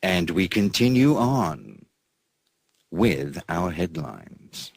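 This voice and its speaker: A man's voice: sits low, big pitch swings, very slow, gravelly, husky, dry recording. A man hosting an alternative news show, reading headlines with folksy sarcasm and mocking laughter. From United States.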